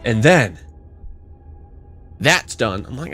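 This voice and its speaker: A man's voice: mid-range voice, a little slow. Young guy on a podcast, rambly funny stories, lots of swearing, voice all over the place, light music under it. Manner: animated, swearing storyteller who acts out quotes loudly. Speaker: podcast co-host. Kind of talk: casual storytelling chat.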